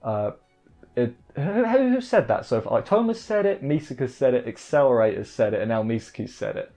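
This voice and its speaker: A man's voice: mid-range voice, animated, dark tone, faint music behind. Man rambling through an anime recap. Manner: rambling, self-interrupting, quick asides. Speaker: anime reviewer. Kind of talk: casual episode recap.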